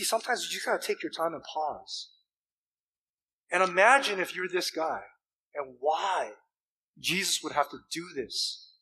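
Male pastor, sermon delivery, high bright voice, emphatic with deliberate pauses. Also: breathy edge, low-quality recording. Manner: animated, emphatic preaching with rhetorical questions; deliberate pauses and repeated words.

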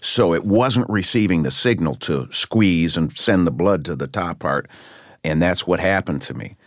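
A low-voiced older man from Michigan tells a story as an interview guest. He talks in a lively, animated way, and the recording is dry and close. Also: moderate pace, dry recording. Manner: animated storyteller, acts out voices in his anecdotes. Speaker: guest musician.

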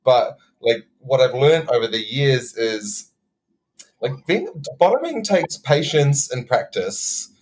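A man's voice: medium pitch, big pitch swings, slow pace, darkish tone, slight background noise, poor audio. A man co-hosting a casual chat, frank and joking, and he swears freely. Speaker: podcast co-host.

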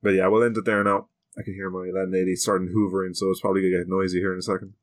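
A man's voice: low-pitched, flat delivery, rapid-fire. A young man co-hosting a podcast, joking crudely and slipping into silly voices. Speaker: podcast co-host. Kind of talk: casual chat. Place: home room.

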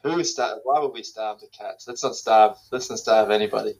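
A man with a somewhat low voice who speaks with halting hesitation and takes his partner's jokes at face value. His delivery is dry and deadpan, and he is heard over a remote call. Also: crowd noise, rough recording. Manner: hesitant, deadpan, literal-minded. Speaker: co-host. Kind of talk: casual comedic chat.

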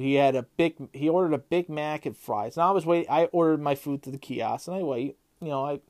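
A middle-aged man hosting a casual monologue, rambling with many fillers and getting loud and heated as he rants. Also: a little high. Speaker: podcast host.

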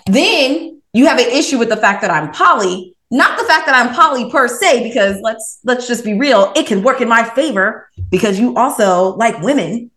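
Speaking at a normal speed with hardly any pauses, this woman has a fairly high voice. As a podcast guest and an author and reiki practitioner, she animatedly recounts a personal story, playing out the dialogue with frequent "I was like."

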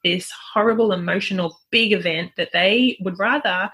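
A woman, a parenting coach speaking in a relaxed interview, chatty and laughing often. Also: medium pitch, moderate pace. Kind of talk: conversational interview.

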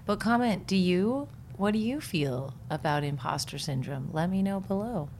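A woman co-hosting a relaxed podcast with a low, gravelly voice. She giggles often and talks haltingly, with restarts. Faint background noise sits under her voice. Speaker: podcast co-host. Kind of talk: casual chat.

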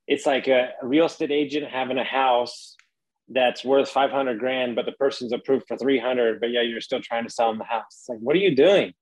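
Laid-back, swearing podcast host. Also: male voice, mid-range voice, a little fast, low-quality recording. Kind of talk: casual podcast conversation.

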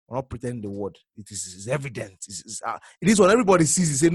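A male preacher giving a sermon, repeating phrases and swinging from hushed murmurs to sudden loud exclamations. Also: mid-range voice, sing-song, fast talker, breathy edge, dry recording, studio quality.

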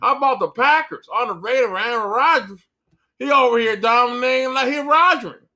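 A man voicing a brash, boastful Southern cousin in a mock drawl, rambling loudly with crude jokes. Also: sits high, brisk. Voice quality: mock Southern drawl, bragging sports talk. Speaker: podcast co-host.

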